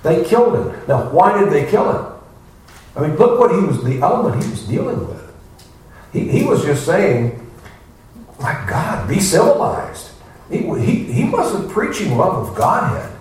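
In a high, sing-song voice at a moderate pace, a man leads an informal scripture class with a folksy manner, rhetorical questions, playful asides and quotes he acts out. The echoey room, distant mic and faint noise are audible.

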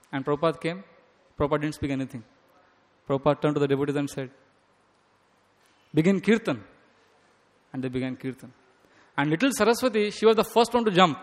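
A man giving a devotional lecture, telling stories, quoting and sometimes singing scripture verses. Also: a little high. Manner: storytelling, quotes scripture and sings verses. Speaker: speaker giving a devotional talk. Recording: long reverb of a hall.

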